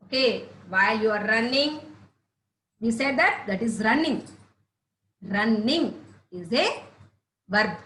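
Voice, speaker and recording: A woman teacher giving a slow, repetitive lesson to young children, often asking them questions. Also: a little high, expressive, a bit bright, echoey room, poor audio.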